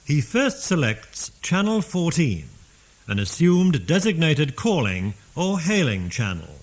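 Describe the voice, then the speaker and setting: A man with an English accent giving slow, deliberate, scripted instructional narration. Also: fairly high pitch, very animated.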